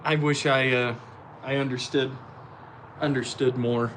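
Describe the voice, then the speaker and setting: A man's voice: mid-range voice, fairly even intonation, a little slow, fairly bright tone, a little hiss or hum. A man hosting a casual live stream from a shop, reading viewer comments in an easygoing, self-deprecating way. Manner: easygoing, laughs at himself, apologetic. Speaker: livestream host.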